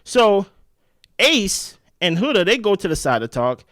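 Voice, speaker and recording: A man hosting a casual reality show recap, talking in an animated, slangy way. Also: high voice, measured pace, no room sound, clean studio sound. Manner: animated, slangy, jumps into quoted voices.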